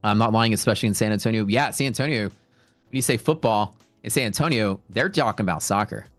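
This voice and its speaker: Man, livestream host, low voice, dry close sound, faint music behind, casual rambling chat. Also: fast talker, no room sound. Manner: rambling, talkative, answers viewer chat questions. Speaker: livestream host and futures trader. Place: at home.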